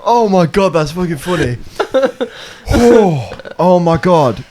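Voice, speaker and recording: A young man, co-hosting a casual podcast and telling animated stories with plenty of swearing and laughter. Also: sits high, slow. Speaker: podcast co-host. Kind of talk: casual chat.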